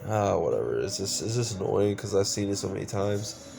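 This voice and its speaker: A man's voice: fairly low pitch, very animated, brisk, creaky. A man giving a casual, exasperated movie review, swearing often and stumbling over fillers. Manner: exasperated, profane ranting with many fillers.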